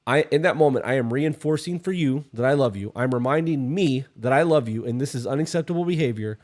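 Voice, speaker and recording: A man's voice: mid-range voice, quick pace, darkish tone. Blunt guy cussing his way through relationship advice on a podcast, mid-range voice. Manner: blunt, emphatic, swears freely. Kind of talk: casual advice chat.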